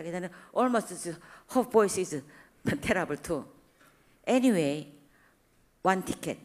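A woman's voice: on the low side, takes it slowly, pauses often. Korean-accented woman preaching animatedly. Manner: broken English, animated retelling of dialogue. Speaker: church speaker. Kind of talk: sermon with anecdotes.

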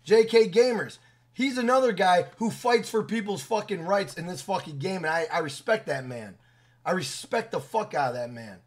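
A man with a fairly high voice for a man, ranting at his audience. He swears constantly, repeats himself for emphasis and talks in a blunt, heated way. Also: expressive, normal speed. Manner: profane, heated, repetitive, blunt. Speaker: gaming video creator. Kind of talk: angry rant to camera.

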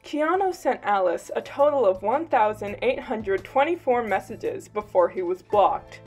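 A young woman narrating a mock true-crime story in a deadpan, straight-faced way. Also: medium pitch.

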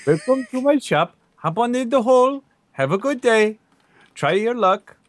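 A man's voice: extremely high pitch, expressive, very slow, pushed and bright, dry recording, pitched above the performer's own voice, exaggerated voice. A man voicing a jokey male shopkeeper with a put-on foreign accent and sing-song sales patter, during a game. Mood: hammy welcome. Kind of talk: playful role-play during a game.

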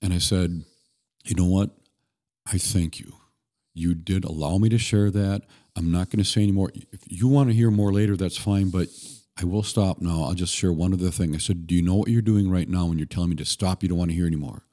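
A man guest on a podcast, telling stories in an earnest, relaxed way with occasional restarts. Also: deep voice, brisk. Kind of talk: conversational storytelling.

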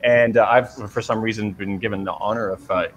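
A man hosts a casual chat, talking quickly and telling stories with ease. A faint hiss sits under his voice. He grew up in Canada after an early childhood in England. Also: lowish voice, steady tone. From born in England, raised in Canada. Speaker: host.

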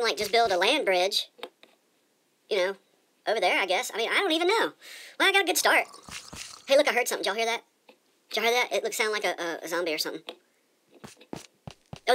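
A woman's voice: on the high side, sing-song, fairly quick, pauses often, fairly bright tone. A woman giving casual let's-play commentary as she plays, chatty and rambling, often repeating her words. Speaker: gamer.

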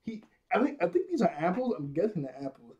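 A man's voice: high voice, big pitch swings, fast talker, mellow, highs cut off. A man giving a casual, rambling episode review, laughing often at his own jokes.

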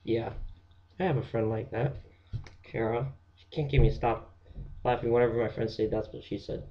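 A teenage boy rambling through a jokey comic rant, dropping into hushed whispered asides. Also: medium pitch, steady tone, normal speed, muffled recording. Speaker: vlogger.

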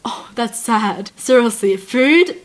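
A woman's voice: on the high side, expressive, slow. A woman hosting a casual reaction video, bubbly and giggly, with playful mock outrage. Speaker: YouTube reaction host.

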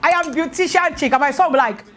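A woman, her high voice teasing and playful as she talks over her husband in a casual vlog. A faint hiss of noise sits behind her. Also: quick pace. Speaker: vlogger. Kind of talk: casual couple chat on camera.

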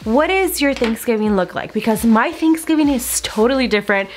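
A young woman with a fairly high voice chats while doing her makeup for her own channel. She is animated and casual, filling her talk with "like" and "girl" and acting out what people said. She sounds close to the camera mic, at home. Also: a little fast, a little hiss or hum. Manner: animated, lots of "like" and "girl", acts out quotes. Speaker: beauty vlogger. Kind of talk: chatty get-ready-with-me storytelling.

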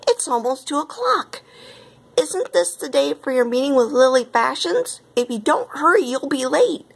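A woman's voice: medium pitch, animated, normal speed, fairly bright tone. A woman voicing an elderly, grateful lady, fond and a little fretful, in a read-aloud storybook.

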